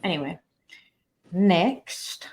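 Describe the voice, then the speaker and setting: A woman's voice: on the low side, expressive, extremely slow, a little mellow. A young woman co-hosting a podcast, chatting casually with a friend, laughing easily and dropping "like" into her sentences. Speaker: podcast co-host. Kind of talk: casual chat.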